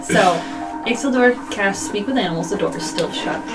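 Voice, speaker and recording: A woman's voice: medium pitch, lively intonation, normal speed, distant mic. A woman running a tabletop game as game master, reading creature descriptions and narrating scenes. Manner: reads descriptions aloud, laughs easily. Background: background music.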